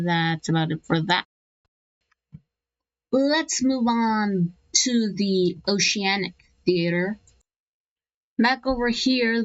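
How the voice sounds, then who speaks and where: A woman casually narrating over an animated map, rambling and correcting herself as she goes, slipping into playful asides. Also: medium pitch, no room sound, dull audio.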